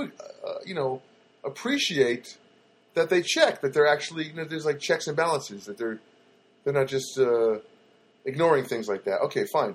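A man's voice: mid-range voice, poor audio. A man hosting a rambling comedic monologue, full of fillers and sarcastic asides. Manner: rambling, lots of fillers and self-corrections, sarcastic.

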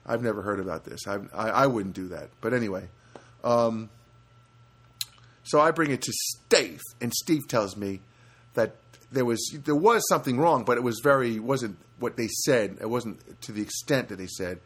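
A man's voice: mid-range voice, moderate pace, husky. A man hosting a podcast from a studio apartment, telling a rambling story in a casual way with many restarts. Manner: rambling, with many restarts and animated quoted voices. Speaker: podcast host.

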